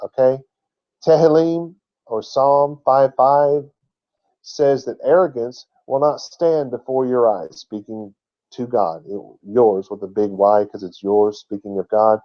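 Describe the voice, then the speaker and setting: A man's voice: mid-range voice, fairly even intonation, a little slow, lo-fi sound. A man giving an emphatic teaching talk who spells out words letter by letter. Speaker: Bible teacher.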